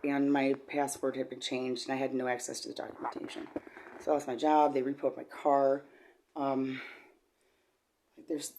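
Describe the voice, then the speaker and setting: A middle-aged woman telling an emotional personal story, rambling and halting with many repeated words, swinging from quiet to loud. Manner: shifts from low and quiet to loud and high when agitated. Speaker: vlogger.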